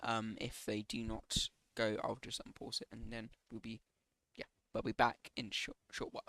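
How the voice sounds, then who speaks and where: A man giving live commentary on an online racing league stream, with many ums and quick self-corrections. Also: on the low side, completely flat delivery, noisy background.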